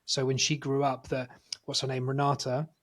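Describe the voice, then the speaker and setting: A man co-hosting a film review podcast, telling stories in an animated, casual way and swearing freely. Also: mid-range voice, normal speed. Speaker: podcast co-host.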